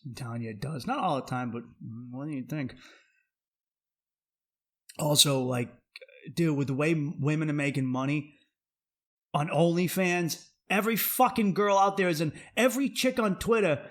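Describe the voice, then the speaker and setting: Brash, profane man ranting on a podcast. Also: on the high side. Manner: profane, brash and animated, swearing freely. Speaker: podcast host. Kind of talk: comedic podcast rant.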